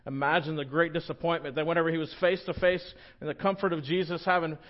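A man's voice: fairly high pitch, fairly even intonation, fast talker, lo-fi sound. A man, a pastor, preaching a sermon in a conversational, joking storytelling manner.

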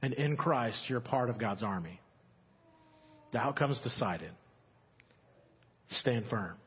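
Husky-voiced pastor preaching in a reverberant church. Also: male voice, animated, slow. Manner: builds to fervent rising climaxes, then drops low and quiet. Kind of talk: sermon. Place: church sanctuary. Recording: dull, reverberant church sermon recording.

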